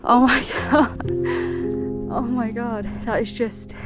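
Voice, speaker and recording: An excitable, chatty woman, talking casually to camera while hiking outdoors, laughing often. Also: fairly high pitch, slow pace, muffled recording, loud music behind the voice. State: out of breath. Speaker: solo hiker vlogger.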